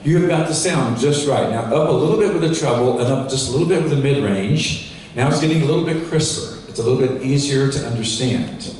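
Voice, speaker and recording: A fast-talking man with a mellow, mid-range voice presents at a sales training event, with a faint hiss or hum in the audio. He's folksy and instructive, using a cordless handheld mic over a PA and giving the sound tech directions. It's captured from a distance in a big, echoey hall full of audience.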